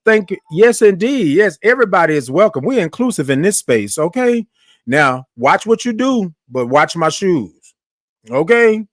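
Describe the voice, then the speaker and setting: A man hosting a live morning show chats in a slightly high, sing-song voice, friendly and loose, with Southern-style informality and frequent "y'all." Each greeting to a viewer becomes a slow, stretched-out sung call. The recording is close and dry, with no echo or room sound.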